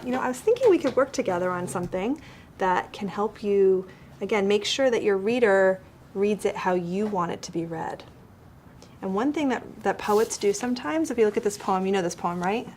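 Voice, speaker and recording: A woman teacher works one-on-one with a child, explaining calmly and step by step. Her voice sits at an ordinary middle pitch, gentle and encouraging. A faint background hiss runs beneath her. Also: moderate pace. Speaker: writing teacher. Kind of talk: one-on-one writing coaching with a child.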